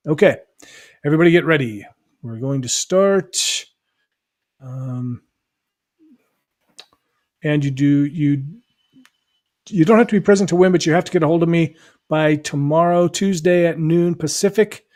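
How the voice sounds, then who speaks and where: A man's voice: a little high, unhurried, long pauses, darkish tone, no room sound, clean studio sound. A male host with a Californian accent chatting casually on a live stream, laughing easily and often restarting his sentences.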